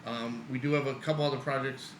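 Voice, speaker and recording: A man's voice: medium pitch, steady tone, fast, reverberant, noisy background. A man talking loosely as a podcast guest, rambling and laughing often. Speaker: guest film producer. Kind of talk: casual podcast chat.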